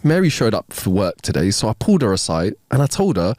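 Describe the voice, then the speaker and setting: A man's voice: lowish voice, quick pace, no room sound, clean studio sound. A man, co-hosting a podcast, reading jokes aloud and laughing between them. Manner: animated, laughs a lot while reading jokes. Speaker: podcast co-host. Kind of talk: casual joke-telling chat.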